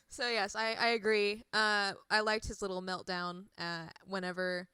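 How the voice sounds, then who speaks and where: A woman's voice: mid-range voice, level tone, a little slow, sharp tone, clean tone, no room sound. A young woman co-hosting a fan podcast in casual chat, giggly and hesitant, with many "uh" and "um" fillers. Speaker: podcast co-host.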